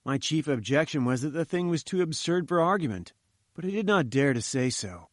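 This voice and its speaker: A man narrating a story in a measured, wry storytelling manner. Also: fairly high pitch, lively intonation, dry recording, clean studio sound. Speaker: audiobook narrator.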